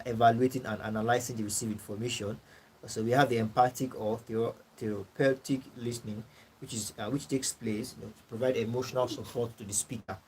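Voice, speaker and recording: A man with a Nigerian English accent teaching a course class, repeating his points, clearing his throat and checking in with "all right" and "you know". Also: medium pitch, a little mellow, a little hiss or hum, low-quality recording. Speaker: course tutor. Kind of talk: classroom lecture.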